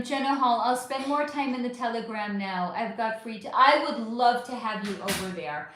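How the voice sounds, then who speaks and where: A fairly high-pitched American woman talks casually to her livestream viewers, warm in her words and quick to curse. Her voice rings around a very echoey room. She keeps calling her audience honey as she answers their comments. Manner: affectionate, swears freely, calls viewers honey. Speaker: livestream host. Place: at home under a bright light.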